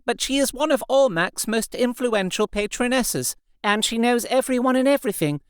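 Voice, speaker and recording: A man's voice: very high-pitched, lively intonation, clean tone, no echo, studio quality, pitched above the performer's own voice. A man voicing a fussy, gossipy young society lady in an audiobook. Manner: brisk, bossy, socially fussy.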